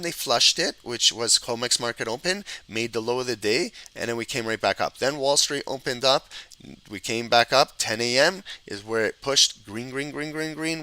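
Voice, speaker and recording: A man's voice: mid-range voice, poor audio. A man teaching live market analysis over a shared chart, walking through price levels and checking in with "okay?". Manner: instructive, repeats "okay?" checks, animated auctioneer riffs. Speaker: trading educator.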